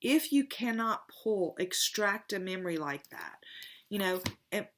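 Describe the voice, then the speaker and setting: In a casual spiritual vlog, a middle-aged woman who reads tarot tells a personal story in a rambling, heartfelt, emotional way. Her medium-pitched voice is animated and unhurried.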